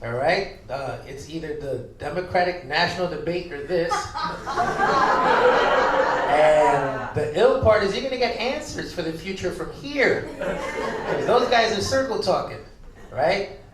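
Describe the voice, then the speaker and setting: A man's voice: fairly high pitch, expressive, unhurried, background noise. A man from the Bronx with a New York accent doing stand-up, bantering with the crowd in a brash, profane way. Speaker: stand-up comedian. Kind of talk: stand-up comedy with crowd work. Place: packed loft comedy venue, indoors. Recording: echoey room with loud crowd. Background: laughing live crowd.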